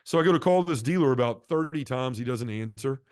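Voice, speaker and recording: As a guest on a podcast, a man gives an earnest personal testimony, telling his story and acting out quoted dialogue. He has a medium-pitched, expressive, darkish voice and speaks a little fast, captured in a dry, studio-quality recording.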